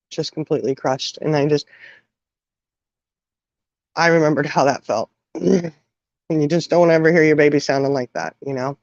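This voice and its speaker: A middle-aged woman telling an emotional personal story, halting, with many restarts and fillers. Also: low voice, a little mellow, no room sound. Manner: halting, full of "you know" and restarts. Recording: dull, dry sound.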